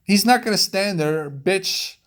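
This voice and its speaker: A man's voice: a little high, expressive, normal speed, darkish tone. Man ranting in exasperation. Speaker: movie reviewer. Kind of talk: ranting movie review vlog.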